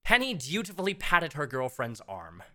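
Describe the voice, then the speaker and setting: A woman's voice: deep voice, wildly swooping pitch, moderate pace, a bit bright. A woman narrating a fan fiction story aloud in a wry, playful way.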